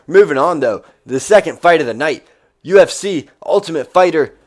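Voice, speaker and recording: A man hosting a fight preview show, talking in an energetic, rambling way and swearing casually. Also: fairly high pitch, moderate pace. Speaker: podcast host.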